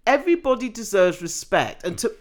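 A woman chatting casually as a co-host, with lively and opinionated delivery. Her pitch swings widely, and she often stumbles and restarts mid-sentence. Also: fairly quick. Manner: animated, opinionated, with frequent restarts. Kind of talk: casual chat.

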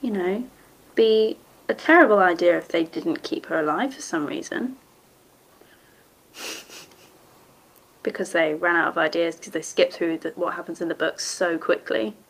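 A woman, casually commenting on a TV episode as she watches, sarcastic and quick to swear and laugh. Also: on the low side. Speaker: TV episode reactor.

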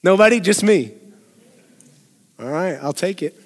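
Speaking a little slowly in a high, animated voice, a pastor delivers a sermon in a church sanctuary where a large hall's long reverb trails his words. He laughs frequently and poses questions to the congregation in a conversational style.

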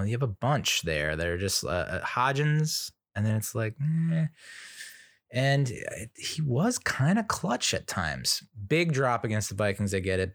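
A man's voice: fairly low pitch, no echo, clean studio sound. A man giving a casual, rambling commentary monologue as a sports fan, full of fillers, restarts and blunt opinions.

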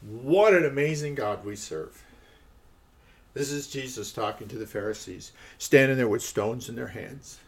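A man's voice: medium pitch, measured pace, vocal fry. A man giving a conversational podcast Bible teaching, often checking in with "okay" and stressing the quoted lines.

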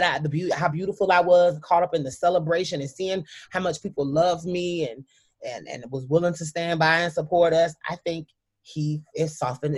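A woman telling a heartfelt personal story as a guest, emphatic and sometimes halting, often speaking straight to the listeners. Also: fairly low pitch, darkish tone.

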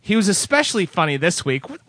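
Animated high-voiced male podcast host. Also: fast. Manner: animated, breaks into laughs while reading. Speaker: podcast host reading listener letters. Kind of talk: casual chat, reading letters aloud.

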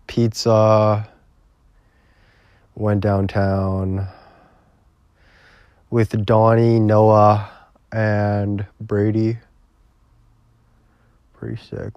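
A man's voice: lowish voice, darkish tone, no room sound. Young man, solo podcast host, bedroom, rambling, heavy swearing, dry close sound. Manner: rambling, swears constantly, drifts into whispers. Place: his bedroom.

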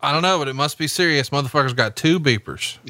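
Wisecracking podcast guy, swears a lot, crisp bright tone. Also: fairly high pitch, fast, no echo. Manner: profane, wisecracking, reads rules in a mock-formal tone. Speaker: podcast co-host. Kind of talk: casual chat.

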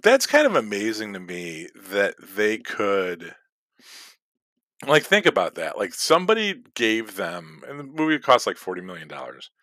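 A man's voice: lowish voice, huge pitch swings, normal speed, a bit bright, no room sound. A man in casual chat about a film, rambling with restarts, swearing and recommending it. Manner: rambling, restarts, profane, enthusiastic. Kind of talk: casual movie review chat.

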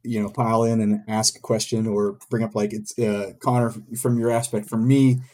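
A man's voice: on the low side, level tone, moderate pace, a little mellow. A man co-hosting a panel who asks questions in a loose, rambling way, full of "like" and "you know". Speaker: co-host working in esports and gaming. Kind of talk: casual panel conversation.

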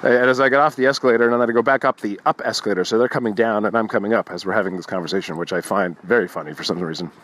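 A man's voice: lowish voice, rapid-fire, few pauses, a bit bright. A young man hosting a casual morning podcast, rambling and wry, swearing freely. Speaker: podcast host.

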